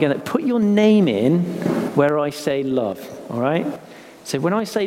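A man giving a sermon in a casual, halting way, with restarts and fillers, then reading scripture slowly and softly with long pauses. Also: fairly high pitch, lively intonation. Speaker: pastor. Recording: long hall reverb with faint ambient noise.

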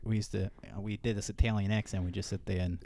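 A man's voice: lowish voice, level tone, fast talker, creaky, darkish tone, no echo. A man in his twenties hosting a casual podcast chat, laid-back and reminiscing, often saying "dude" and "oh my gosh". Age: 20s. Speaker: podcast host.

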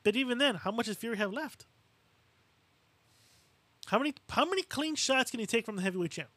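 A man's voice: very high voice, lively intonation, fairly quick, pushed and bright, no echo. A man co-hosting a boxing podcast, talking casually and animatedly, swearing freely and acting out what fighters say. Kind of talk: casual chat.

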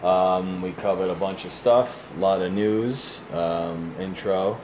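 A man with a lowish voice trades loose, crude jokes in casual podcast banter. The room sounds echoey, with steady noise underneath. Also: takes it slowly. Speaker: podcast co-host.

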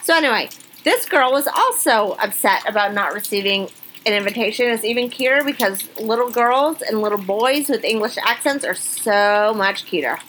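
A woman co-hosts a casual podcast, reading out funny news stories and reacting with quick exclamations. Her voice is bright and sits a little high, with a faint hiss in the background. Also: poor audio. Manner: chatty, animated, reacts with exclamations. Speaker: podcast co-host.

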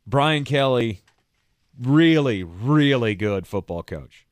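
A man's voice: medium pitch, lively intonation, slow pace, dry recording. A man co-hosting a sports talk show, easygoing and playful, often restarting his sentences. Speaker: sports podcast co-host. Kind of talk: casual sports debate.

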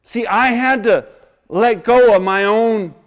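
A man with a notably high voice delivers a sermon in a church. He tells stories about himself with a laugh, then presses his listeners with urgent, repeated questions. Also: takes it slowly, clean tone. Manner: storytelling, laughing at his own past, rising into emphatic exhortation. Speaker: preacher.

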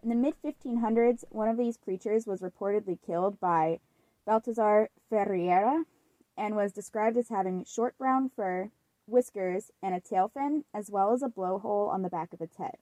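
A woman's voice: mid-range voice, normal speed, warm tone, no echo. Chatty young woman, dry close sound. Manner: chatty, peppered with "like" fillers. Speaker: podcast co-host. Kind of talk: casual podcast chat.

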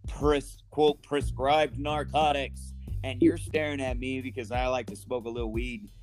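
A man co-hosting a podcast, telling animated stories with a lot of swearing. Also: medium pitch, a little slow, faint music behind. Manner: animated, profane storytelling. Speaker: podcast co-host. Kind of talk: casual chat.

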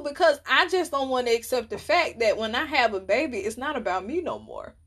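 A young woman with a high voice tells stories on her podcast. Her pitch swings widely as she talks, playful and animated, breaking into laughter often. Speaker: podcast host. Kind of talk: casual storytelling monologue.

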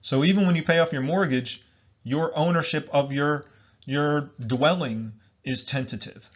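A commentator delivers an emphatic political monologue, repeating himself and addressing his listeners as "folks." His voice is a little high and his pace measured, in a dull lo-fi recording.

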